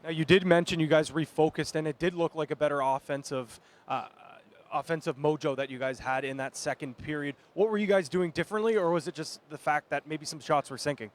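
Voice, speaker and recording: A man's voice: fairly high pitch, steady tone, fairly quick. A man working as a floor reporter at a lacrosse game, asking players friendly, upbeat questions and tossing back to the booth. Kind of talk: sideline interview and colour commentary.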